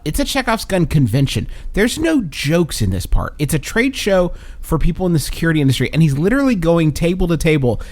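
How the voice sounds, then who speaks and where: A man's voice: on the high side, big pitch swings, fairly quick, hardly any pauses, darkish tone. A man co-hosting a podcast, chatting casually in a wry, hesitant way. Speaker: podcast co-host.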